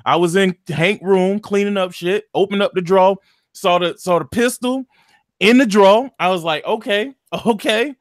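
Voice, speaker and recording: A man's voice: high voice, normal speed, dry recording, clean studio sound. A man, animatedly retelling a video game story in casual chat, full of slang and profanity. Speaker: gaming podcast co-host.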